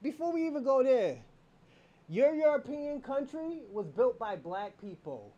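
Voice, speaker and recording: This male livestreamer talks in an extremely high, sing-song voice with a dark tone, a bit slowly, on a muffled recording. Heated and mocking, he taunts his audience and keeps cracking up with laughter.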